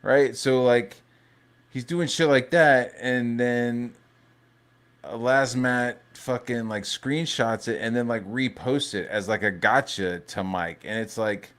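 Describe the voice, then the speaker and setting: A man hosting a casual live stream, ranting in a profane, rambling, animated way. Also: medium pitch, slow. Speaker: livestream host.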